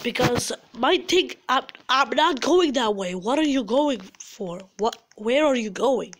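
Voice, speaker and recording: A woman's voice: on the high side, lively intonation, a little slow. A young woman hosting a gaming channel, ranting in frustration during casual game commentary.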